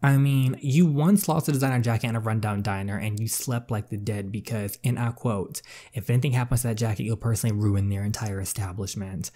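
A man's voice: steady tone, a little fast, hardly any pauses, close to an everyday voice. A man voicing a fed-up, defiant teenage girl in a story game, speaking sharply in a raised voice. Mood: irritated. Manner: raised pitch, sharp and exasperated. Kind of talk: reading a story game aloud.

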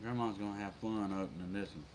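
A man with a Southern US accent hosting a casual livestream, folksy and quick to laugh as he chats with viewers. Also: fairly low pitch, background noise. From Georgia, USA. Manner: folksy, laughs often, reads out viewer comments. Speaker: livestream host. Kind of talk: casual live chat with viewers.

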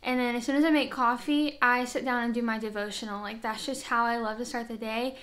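A woman's voice: fairly high pitch, steady tone, brisk. A woman vlogger in casual chat to camera, earnest and chatty, filling her talk with "like.". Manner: earnest, chatty, heavy use of "like". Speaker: faith vlogger. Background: soft worship music.

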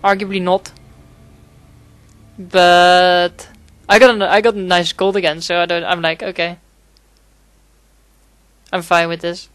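A man's voice: sits high, flat delivery, unhurried, pauses often, fairly bright tone, clear, resonant tone, no room sound. A man giving casual gameplay commentary, rambling and swearing a lot, with frequent fillers and restarts. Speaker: gaming commentator.

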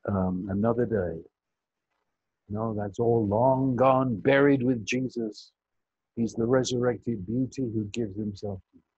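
An older man preaching a sermon slowly and emphatically, his pitch swinging high for emphasis. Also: a little mellow, breathy edge, no room sound. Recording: muffled audio with buzz.

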